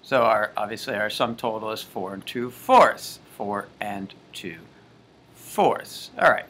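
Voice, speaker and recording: Folksy male math teacher, unhurried, crisp bright tone, counts out loud. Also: fairly low pitch, animated. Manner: folksy, jokey asides while counting aloud. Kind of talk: homework help lesson.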